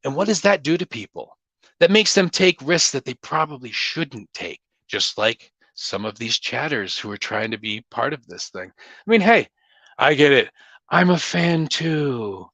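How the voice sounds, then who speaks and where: A man's voice: mid-range voice, lively intonation, measured pace, pushed and bright, dry recording. A man hosting a casual livestream Q&A, talking in a blunt, opinionated, rambling way. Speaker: livestream host.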